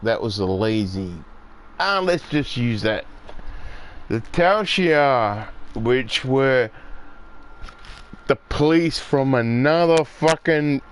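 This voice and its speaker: A man ranting casually and profanely as he plays, his voice jumping high when he gets riled up. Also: lively intonation, takes it slowly, long pauses, clear, resonant tone. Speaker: gaming streamer. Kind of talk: casual rant while playing.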